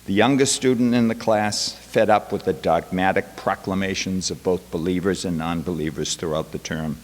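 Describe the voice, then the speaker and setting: In a college chapel, a man with a deep voice delivers a talk as a visiting professor. His tone stays steady and his pace normal while he relates a classroom story peppered with wry quotes, all wrapped in long hall reverb.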